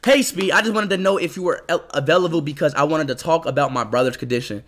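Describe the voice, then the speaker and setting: A young man streaming live, reacting loudly and excitably, swearing a lot and bursting into shouts. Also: a little high, fast.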